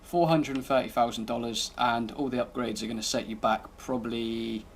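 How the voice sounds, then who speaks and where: A man's voice: medium pitch, fairly even intonation, normal speed, creaky, slight background noise. A man giving casual, laid-back commentary over gameplay, thinking aloud as he drives and tests a car. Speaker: gaming channel host.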